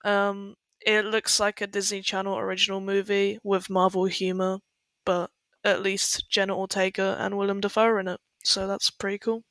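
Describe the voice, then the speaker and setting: Young female co-host, crisp and dry, flat delivery, matter-of-fact. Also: mid-range voice, normal speed, no echo. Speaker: podcast co-host. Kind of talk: casual chat.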